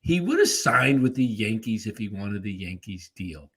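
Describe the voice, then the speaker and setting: A man co-hosting a casual sports talk show, excitable, laughing often and pushing his own theories. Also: lowish voice, normal speed, husky. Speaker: podcast co-host.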